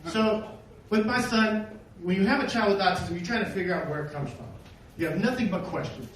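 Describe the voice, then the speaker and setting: A man doing a rambling, self-deprecating stand-up set, swearing often and throwing in quick asides, on a comedy club stage. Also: high-pitched, fairly bright tone, distant mic. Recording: echoey club, heard from afar, noisy. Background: audience laughter.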